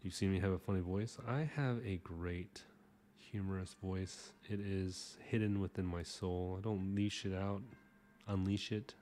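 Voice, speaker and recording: A man hosting a drawing livestream, talking casually while he sketches, rambling and joking at his own expense, often trailing off into soft mumbles. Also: deep voice, fairly even intonation, measured pace, a little hiss or hum. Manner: rambling, jokey and self-mocking.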